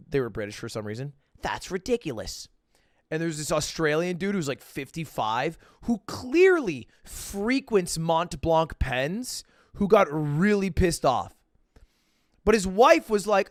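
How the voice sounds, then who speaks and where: A man's voice: fairly high pitch, expressive, normal speed, no echo, studio quality. A young man streaming and chatting casually with viewers, telling a story and acting out the voices of the people in it. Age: young adult.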